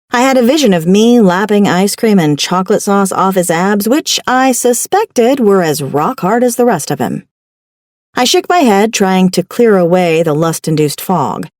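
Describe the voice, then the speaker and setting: A woman's voice: medium pitch, a little mellow, dry recording. A woman narrating a comic first-person audiobook in a sassy, self-mocking storytelling manner, close to a studio microphone.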